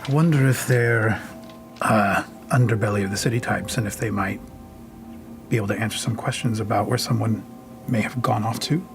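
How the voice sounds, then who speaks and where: A man's voice: lowish voice, fairly even intonation, normal speed, gravelly, over music. A man playing a tabletop game, thoughtful and conversational. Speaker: player.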